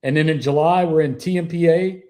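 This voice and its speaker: A man's voice: on the high side, a little fast, dark tone. A middle-aged man, a retired police officer telling profane anecdotes as a guest on a call-in interview. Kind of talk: casual storytelling interview.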